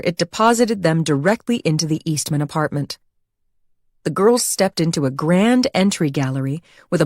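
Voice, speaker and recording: A woman reading a thriller audiobook as narrator, in an even, measured storytelling manner. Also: low voice, no echo, clean studio sound. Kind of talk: scripted narration.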